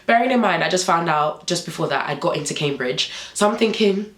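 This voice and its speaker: A woman's voice: on the low side, lively intonation, a little fast, a bit bright, reverberant, low-quality recording. A young woman vlogger telling a story animatedly, acting out the dialogue.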